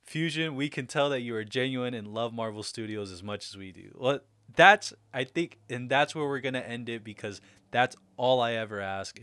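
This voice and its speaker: A man's voice: mid-range voice, a bit bright, clear, resonant tone, dry recording, clean studio sound. A young man hosting a livestream, chatting casually and upbeat, laughing often as he reads out viewer comments. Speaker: livestream host.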